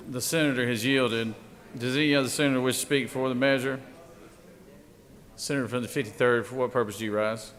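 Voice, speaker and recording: A man's voice: mid-range voice, brisk. Man chairing a senate session. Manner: relaxed, joking between formal procedure. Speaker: presiding officer of a state senate. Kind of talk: chairing a legislative floor session.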